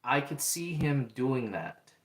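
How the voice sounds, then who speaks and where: With a mid-range, sing-song voice and a slow pace, a young man hosts a casual livestream. He reads chat comments out loud and speaks earnestly, often repeating himself, in a room with noticeable echo.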